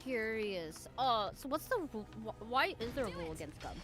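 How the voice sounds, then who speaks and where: A woman's voice: on the high side, very animated, normal speed, fairly bright tone, soft background music. A woman chatting on a stream, blunt and opinionated, swearing casually. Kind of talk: casual chat while gaming.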